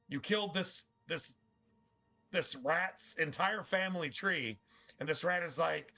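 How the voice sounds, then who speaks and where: A man's voice: on the high side, a little slow, bright, forceful tone, lo-fi sound, faint music behind. A man streaming a game, talking in a rambling, slangy, profane way. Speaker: gaming streamer. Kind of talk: casual gameplay commentary.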